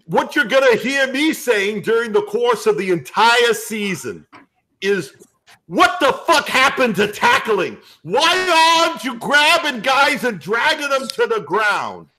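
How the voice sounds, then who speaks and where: A man voicing a brash, profane older New York sports fan with a New York accent, who rants loudly. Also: very high voice, voice pushed up, exaggerated voice.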